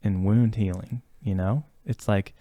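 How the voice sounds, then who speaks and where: A man's voice: lowish voice, steady tone, measured pace, dark tone, no echo, studio quality. A man co-hosting a podcast, talking in a reflective, earnest way with lots of fillers and restarts. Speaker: podcast co-host talking about therapy. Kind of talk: casual podcast conversation.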